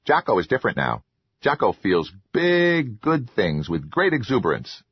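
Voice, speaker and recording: A man voicing a small, excitable, childlike male troll who talks about himself in the third person in a high, eager voice. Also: normal speed, breathy edge, dry recording, muffled recording, exaggerated voice.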